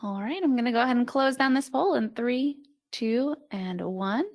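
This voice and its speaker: A woman moderating a webinar over a video call, making brisk, procedural announcements. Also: high voice. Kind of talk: running a webinar.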